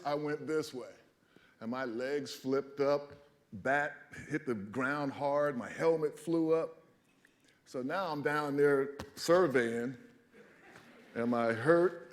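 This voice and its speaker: A man in his fifties stands before a library audience and tells stories from his playing days. He talks in an animated way, laughs often and acts out his own reactions. His pitch sits in the middle range for a man. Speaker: former baseball player telling stories. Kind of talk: storytelling talk at a library event. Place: public library event hall.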